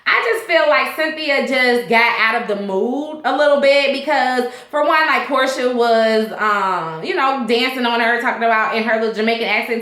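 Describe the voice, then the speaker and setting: A woman's voice: on the high side, moderate pace, few pauses, fairly bright tone, echoey room. A woman hosting a casual vlog that recaps a TV episode, talking in a rambling, chatty way with lots of fillers. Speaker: TV show reviewer, vlog host.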